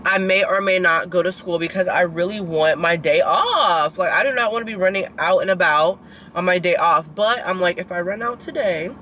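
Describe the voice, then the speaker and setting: A woman's voice: fairly low pitch, moderate pace, fairly bright tone, a little hiss or hum, poor audio. A 22-year-old woman in a casual vlog, ranting in frustration straight to her viewers and leaning on lots of "like" and "girl". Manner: filler-heavy, keeps saying "like" and "girl". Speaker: vlogger and student.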